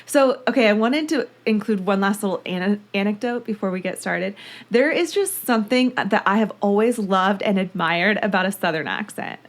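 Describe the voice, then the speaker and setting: A talkative woman hosts a true-crime podcast, gushing over small things before she settles into telling the case. She sits close to a studio mic, and her voice sits at an everyday middle pitch. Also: moderate pace. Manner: chatty, gushing, reads listener mail aloud. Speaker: podcast host. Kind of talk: casual true-crime podcast chat and narration.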